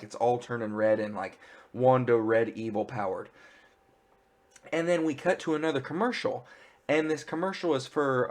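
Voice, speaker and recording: A man talking at an ordinary, middle pitch, recapping a show for his viewers. He rambles eagerly and keeps reaching for filler words as he goes. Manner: excited rambling retelling, heavy filler words. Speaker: pop culture reviewer. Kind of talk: casual spoiler recap.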